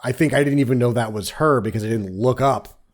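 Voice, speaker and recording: A man's voice: mid-range voice, fairly quick. A man co-hosting a movie review podcast, giving easygoing, offhand opinions in casual chat with fillers. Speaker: podcast co-host.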